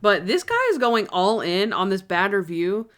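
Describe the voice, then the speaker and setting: A woman's voice: medium pitch, moderate pace. Rambling woman podcast co-host. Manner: rambling, acts out scenes in quoted voices. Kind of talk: casual chat, episode recap.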